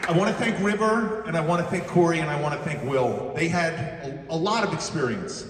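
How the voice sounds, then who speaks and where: A man's voice: a little high, animated, brisk. Man telling a heartfelt story in a hall. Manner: rambling, self-deprecating, heartfelt. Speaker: panel guest. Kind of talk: onstage storytelling to a live audience. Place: large hall on stage. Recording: echoey hall, distant mic, faint noise.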